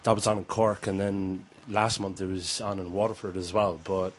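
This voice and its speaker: A man's voice: sits low, little pitch movement, normal speed. A young Irish man attending a conference, answering interview questions in an easygoing, laughing way.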